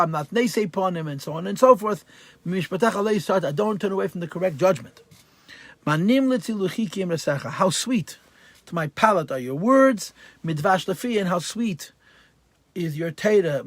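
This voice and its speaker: Emphatic rabbi teaching a Torah class. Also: male voice, fairly high pitch, no room sound. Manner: translates verse by verse, mixing Hebrew and Yiddish terms into English; emphatic, stresses key words loudly.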